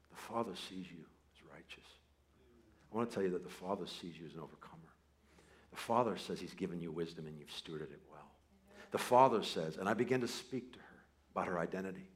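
A man preaching a sermon, telling a personal story, starting soft and building to loud emphasis. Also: deep voice. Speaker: pastor.

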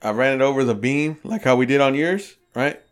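Man, casual podcast chat, profane, animated, acts out quotes. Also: mid-range voice, brisk, smooth. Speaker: podcast co-host.

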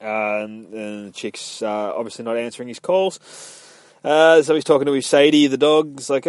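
A man's voice: mid-range voice, little pitch movement, normal speed, smooth, dry recording. A young man casually retelling a game's story in a rambling, profane way, slipping into quoted voices. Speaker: gamer recapping a story.

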